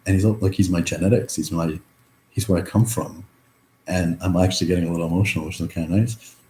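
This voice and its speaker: A man's voice: low voice, steady tone, fast, dark tone, a little hiss or hum. A young man in a reflective personal monologue, rambling through many fillers and swearing freely. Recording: echoey room.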